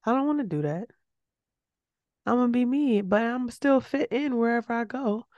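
A woman co-hosting a podcast in casual chat, animated and emphatic, her voice leaping up when she makes a point. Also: on the high side, moderate pace, no room sound, dull audio. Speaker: podcast co-host.

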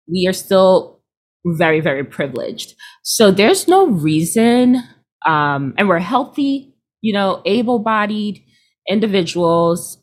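A woman in her thirties, a healer, chatting casually and acting out quoted people with lively swings in her voice. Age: 30s. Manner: expressive, acts out quoted people with big pitch jumps. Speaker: guest, healer. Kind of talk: casual podcast conversation.

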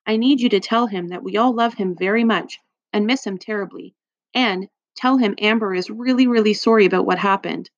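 A woman's voice: mid-range voice, brisk, no echo, lightly acted. A woman reading a storybook aloud, voicing an eager, bossy young girl who talks insistently. The recording is dry and slightly dull.

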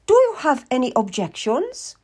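A commanding, ailing old noblewoman in an audiobook, her voice pitched high and lilting. A woman reads her slowly and grandly, every line an order. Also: very animated. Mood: imperious. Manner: commanding, haughty.

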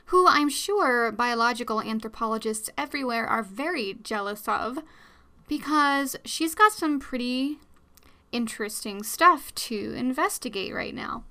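A woman's voice: on the high side, lively intonation, unhurried, pushed and bright. A young woman hosting her own podcast, chatting casually and rambling with lots of fillers and little laughs, into a new studio microphone. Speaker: podcast host. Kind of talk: casual solo podcast chat.

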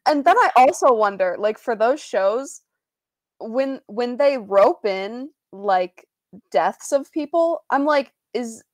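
A woman's voice: on the high side, animated, takes it slowly, no room sound. A woman in a casual podcast chat, laughing and mocking with her co-host.

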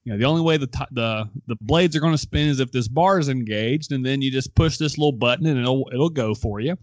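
A young man hosts a relaxed talk show and spins a story out loud. He acts out the people he quotes and laughs along the way. His voice sits dry and close to the mic. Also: medium pitch, fast talker, no room sound. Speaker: podcast host. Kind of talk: casual chat, storytelling.

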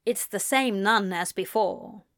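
A woman reading erotic fiction aloud in a slow, breathy, intimate way. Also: medium pitch, a bit bright, no room sound, clean studio sound. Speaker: narrator.

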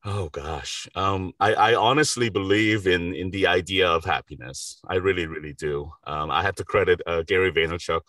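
A middle-aged man from Korea speaks in a very low voice with a bright, forceful edge. He answers interview questions earnestly and with enthusiasm, laughing easily. He sits a little back from the mic in a dry-sounding studio. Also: moderate pace, few pauses, dry recording, recorded from a distance. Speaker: voice actor guest. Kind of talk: casual interview chat. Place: recording studio.

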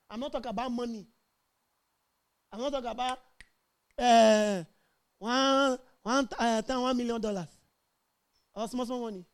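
A woman's voice: on the high side, steady tone, unhurried, long pauses, smooth. A middle-aged woman preaching a sermon, emphatic and calling out to her congregation. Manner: emphatic, call-and-response with congregation.

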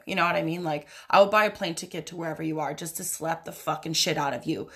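A woman's voice: sits low, quick pace, hardly any pauses, a bit bright. Young female podcast host, casual profane monologue, brash ranting manner.

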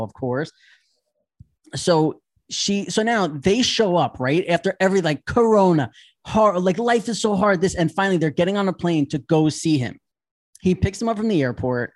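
Recapping reality TV on a podcast, a man with a voice that sits high talks briskly and casually. He's animated, swears a lot, and acts out the people he describes.

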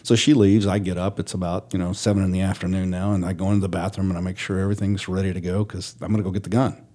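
A man with a very low, husky voice gives a candid personal testimony as a podcast guest. His tone is dark and mellow. He speaks earnestly and haltingly, restarts often, and sinks to a hush when he turns reflective. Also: little pitch movement. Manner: drops to a hushed, low delivery in reflective moments.

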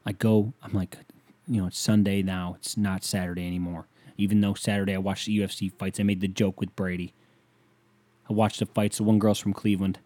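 A young man hosting a podcast alone, rambling through a profane, casual story and now and then breaking into loud whoops. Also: sits low. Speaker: podcast host. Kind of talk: casual solo podcast rant.

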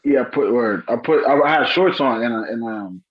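A man's voice: mid-range voice, lively intonation, fairly quick, slightly rough. A man in his thirties, a dad, chatting casually with loose slang and frequent laughter. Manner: laid-back slang, laughs often. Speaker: podcast co-host. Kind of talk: casual chat. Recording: muffled lo-fi mic.

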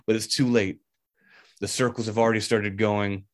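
A man's voice: lowish voice, little pitch movement, brisk. A man co-hosting a casual movie discussion podcast, laughing often and acting out lines from scenes. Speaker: podcast co-host.

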